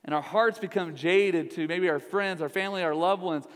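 A man's voice: sits high, normal speed. A middle-aged man preaching a sermon in a church, joking with the congregation in a conversational way. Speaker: pastor. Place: large church hall. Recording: reverberant church hall.

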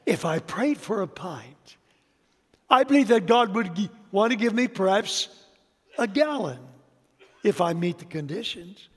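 A man preaching a sermon, emphatic, swinging between loud declarations and quiet asides, with humor to his congregation. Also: high voice, animated, unhurried, husky. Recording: long reverb of a large hall.

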